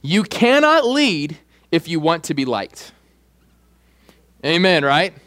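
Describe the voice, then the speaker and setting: A young man preaching a sermon as pastor, animated and joking, acting out quoted voices. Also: on the high side, slow pace. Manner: animated preaching, acts out voices, jokey asides.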